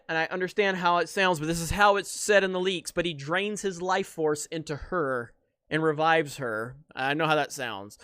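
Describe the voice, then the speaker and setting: A man's voice: high voice, fairly bright tone, smooth, dry recording, clean studio sound. A man hosting an opinionated commentary video, ranting in an exasperated, sarcastic way. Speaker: commentary channel host.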